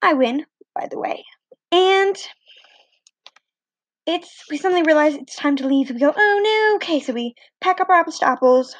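A teenage girl telling a story in a chatty, animated way, acting out the other people's lines with different voices. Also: sits high, no room sound. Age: teens. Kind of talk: casual storytelling.

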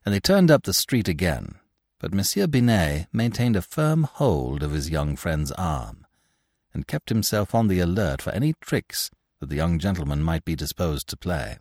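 A man reading a classic adventure novel aloud with measured, theatrical storytelling. His voice is low, and he lets it rise and fall widely through each sentence. The sound is close and dry, without room echo. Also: big pitch swings, darkish tone. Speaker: narrator. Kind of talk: scripted narration of a classic novel.

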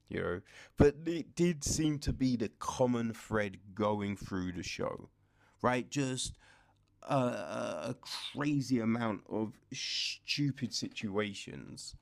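A man's voice: mid-range voice, slow, gravelly. A man ranting casually about a show's bad acting, exasperated and rambling, full of fillers and swearing, tired from being up in the small hours. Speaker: show reviewer. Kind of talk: casual rant.

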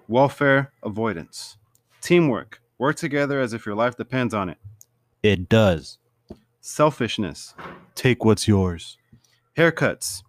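Animated man recapping a show, dry sound. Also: mid-range voice, dry recording. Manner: animated, laughs often, acts out quotes. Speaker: TV show reviewer. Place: at home.

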